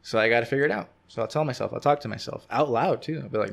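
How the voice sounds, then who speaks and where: Gravelly-voiced young man, podcast guest. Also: medium pitch, rapid-fire, few pauses. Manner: open, easygoing storytelling. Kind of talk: casual chat.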